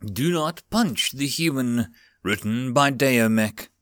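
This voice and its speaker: A man narrating a story aloud in an expressive, lively reading. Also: mid-range voice, slow pace, no echo, clean studio sound.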